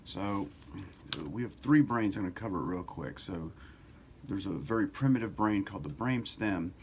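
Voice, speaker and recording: Animated, low-voiced man giving a self-help talk. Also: moderate pace, noisy background. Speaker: self-help author and video host. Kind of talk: casual motivational talk to camera.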